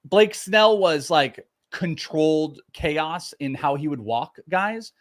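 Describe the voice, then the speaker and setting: Blunt, animated man co-hosting. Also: on the high side, slow. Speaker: fantasy baseball co-host. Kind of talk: casual live podcast banter.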